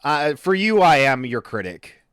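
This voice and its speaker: Very animated yet unhurried, a man co-hosts a podcast in a fairly high, fairly bright, clean voice. He chats casually, rambling and catching his own mistakes, often stumbling over words. There's no echo, just clean studio sound.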